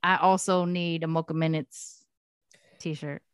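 A woman's voice: sits low, fairly even intonation, unhurried, clear, resonant tone, no room sound. A woman co-hosting a podcast in casual chat, teasing and laughing often, playfully blunt.

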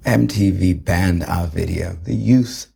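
A man's voice: low-pitched, slow, creaky, mellow, husky, full character voice. An actor playing a weary, bitter male rock band frontman in a film scene, sarcastic and self-pitying. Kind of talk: film drama acting.

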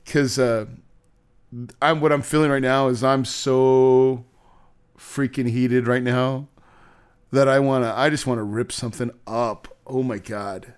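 Smooth-voiced man venting on a podcast. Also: medium pitch, steady tone, a little slow. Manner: emotional, venting, swearing, laughing. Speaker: podcast host. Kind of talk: candid podcast monologue.

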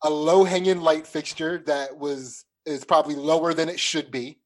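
A man's voice: fairly high pitch, steady tone, moderate pace. A man in casual chat, rambling through a story with many fillers.

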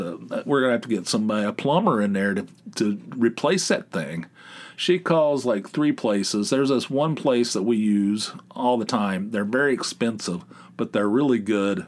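Rambling, sarcastic man telling a story. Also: fairly low pitch. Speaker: podcast host. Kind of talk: casual storytelling monologue.

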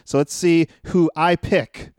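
Smooth-voiced man moving the chat along. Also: fairly high pitch, steady tone, a little mellow, dry recording, studio quality. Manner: brisk, keeps the talk moving, laughs often. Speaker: wrestling podcast co-host. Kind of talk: casual chat.

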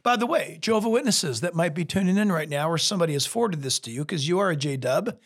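A man, a pastor, teaching from the Bible in an animated, emphatic way and talking straight to the listener. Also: a little high, fast.

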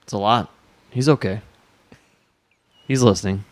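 A man's voice: medium pitch, very animated, a little fast, no echo. A man hosting a podcast, teasing his guest with playful banter. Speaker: podcast host. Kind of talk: casual podcast chat.

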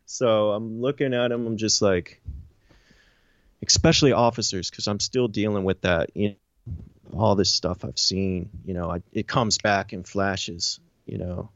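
A man in an interview recounting a personal story, animated and profane, with lots of "you know" and "I'm like". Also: fairly low pitch, measured pace, no room sound, lo-fi sound. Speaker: interview guest.

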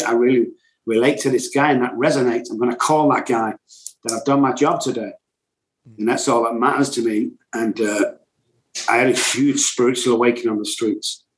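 A man's voice: mid-range voice, steady tone, brisk, roomy sound, rough recording. A middle-aged man, telling his own recovery story in a blunt, intense way as a podcast guest. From England. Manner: blunt, intense, self-described loud and cocky. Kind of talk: emotional personal storytelling.

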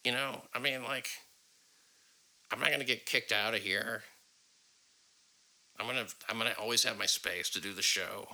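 Male podcast host, deep and gravelly, loose and profane. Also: fairly even intonation, normal speed, pauses often, pushed and bright, low-quality recording. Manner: rambling, profane, many fillers. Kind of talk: casual podcast chat.

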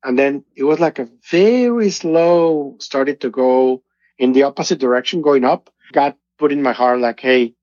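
A man's voice: medium pitch, moderate pace, darkish tone, no echo. A middle-aged man, earnestly telling his personal testimony as an interview guest. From Mexico. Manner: earnest, emotional storytelling. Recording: dull lo-fi audio.

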